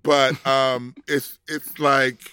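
A man's voice: medium pitch, flat delivery, extremely slow, sharp tone, smooth, no echo. A man co-hosting a podcast, talking in an emphatic, sassy drawl. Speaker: podcast co-host. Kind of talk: casual podcast chat.

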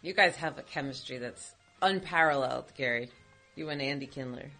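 A woman's voice: a bass voice, brisk, fairly bright tone, soft background music. A woman guest in a studio, teasing and playing along in casual chat. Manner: teasing, amused, plays along. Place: radio studio.

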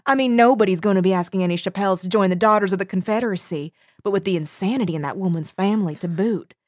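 A woman's voice: mid-range voice, fast talker, darkish tone, no echo, close to an everyday voice. A snobbish middle-aged Southern lady looks down her nose, as a woman puts her on. She speaks with a Southern accent in a haughty, sniffy way. The sound is dry and close. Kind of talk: dramatic reading aloud.

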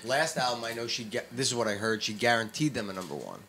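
A man co-hosting a podcast, laying out a point in a measured, explanatory way. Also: mid-range voice, lively intonation, bright, forceful tone, a little hiss or hum. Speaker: podcast co-host. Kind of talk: casual chat.

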